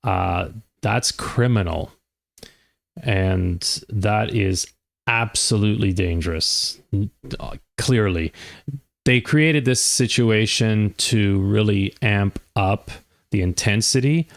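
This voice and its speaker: Older retired chef guy chatting slowly about a tv scene, chuckling, dry close sound. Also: on the low side, creaky, no echo. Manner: unhurried, chuckling, hesitant restarts. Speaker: retired chef reacting to a show. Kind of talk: casual reaction commentary.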